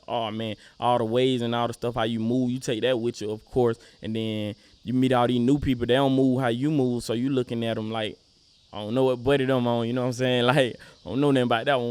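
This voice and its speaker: A man's voice: mid-range voice, a little mellow, smooth, dry recording. Young man, Southern US accent, rapper, casual interview talk, laid-back, dry recording. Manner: laid-back, repeats "come on" and "you know what I'm saying".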